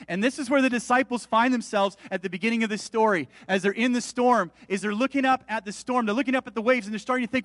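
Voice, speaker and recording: A man's voice: very high-pitched, quick pace, few pauses, a bit bright, dry recording. A man preaching a sermon as a pastor, emphatic, rising and falling in volume as he reads and explains scripture.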